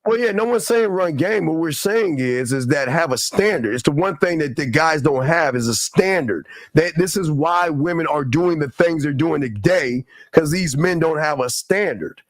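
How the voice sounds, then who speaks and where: Male call-in host, brash and profane, slightly raised pitch, dry close mic. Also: animated, moderate pace, hardly any pauses, no echo. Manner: blunt, cursing, mocking. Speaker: podcast host. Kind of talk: casual live call-in talk.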